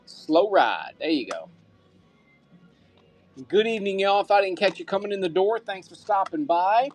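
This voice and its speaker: A man's voice: high voice, big pitch swings, moderate pace, faint music behind. A man hosting a live-stream auction, upbeat and thanking buyers by name, sometimes muttering to himself as he handles items.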